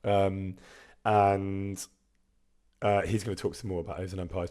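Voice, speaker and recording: A man's voice: deep voice, little pitch movement, fairly quick, warm tone. A man chatting casually on a live stream, reading out viewer messages and laughing often.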